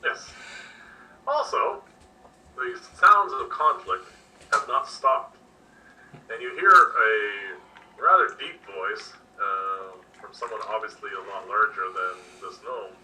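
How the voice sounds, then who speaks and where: Acting as game master, a man describes scenes in an easygoing manner with lots of fillers. His fairly low voice is slow, with a bright, forceful tone, picked up by a distant mic with faint noise.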